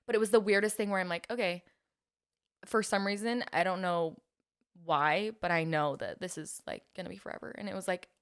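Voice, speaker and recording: Her voice is fairly low and clean, and she talks fairly quickly. On a podcast, the young woman shares life stories in casual chat, performing quotes and frequently breaking into laughter.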